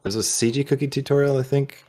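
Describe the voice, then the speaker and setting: A man's voice: medium pitch, steady tone, quick pace, dark tone. A man who makes tutorials, a guest in a casual video-call chat, joking and playful.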